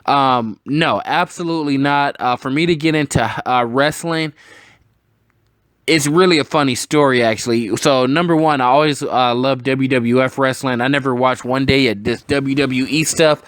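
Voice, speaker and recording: A man's voice: medium pitch, moderate pace, a bit bright, smooth, no echo. A man answering viewer comments in a blunt, rambling way, swearing a lot as he chats. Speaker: sports vlogger answering comments. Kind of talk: casual profane chat.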